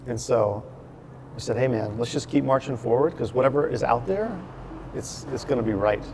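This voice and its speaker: Animated man telling a story in a taproom. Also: mid-range voice, moderate pace, slight background noise. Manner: animated storyteller, acts out quotes with restarts. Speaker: brewery owner, guest. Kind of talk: casual storytelling chat. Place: his brewery taproom.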